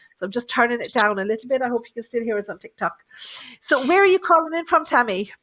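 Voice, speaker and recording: Speaking fast in a fairly high, bright and animated voice, a medium chats her way through a live reading with a caller. She's reassuring and thinks out loud, packing her talk with fillers.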